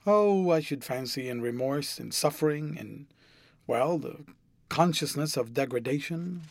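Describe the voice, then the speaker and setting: A man's voice: a little high, lively intonation, a little slow, no room sound. A man playing a grave, troubled painter.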